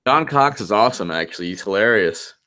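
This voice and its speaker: A man with a lowish, sharp-toned voice and lively intonation talks a little fast while hosting a political livestream. He comments live on polls and chat messages, mocking them with frequent giggles and laughter.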